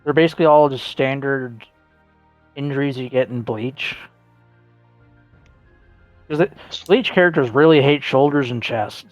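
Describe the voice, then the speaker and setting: A man's voice: medium pitch, measured pace, long pauses, dry recording, muffled recording, soft background music. A man playing a tabletop game and cracking wry jokes to the group. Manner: wry, joking. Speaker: player. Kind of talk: joking casual chat.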